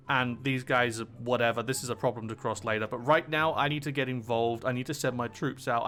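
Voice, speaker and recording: A man's voice: medium pitch, fairly bright tone. A young man giving casual, rambling commentary on a strategy game, often laughing at his own jokes. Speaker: gaming channel host.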